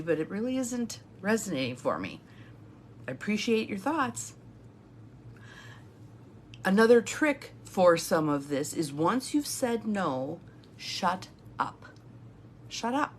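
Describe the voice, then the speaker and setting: A woman's voice: medium pitch, a little hiss or hum. A middle-aged woman coaching viewers in a live talk, emphatic and repeating her key phrases. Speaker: intuitive guidance coach.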